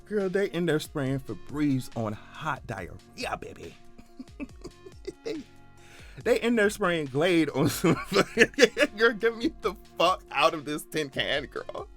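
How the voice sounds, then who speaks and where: A man giving casual comedic commentary on a news story, animated and profane, laughing often as he talks. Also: fairly high pitch, takes it slowly, faint music behind. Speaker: YouTube commentator.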